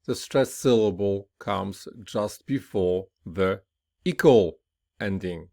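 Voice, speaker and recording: Slow, gravelly-voiced male pronunciation teacher. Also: fairly low pitch, dark tone. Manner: slow and deliberate, with repeated checks of "right?"; models word pairs aloud with emphatic stress. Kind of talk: classroom pronunciation lesson.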